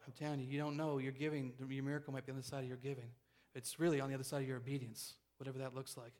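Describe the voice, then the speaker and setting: A man preaching a sermon, telling a story in a quick, animated way with frequent restarts. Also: medium pitch.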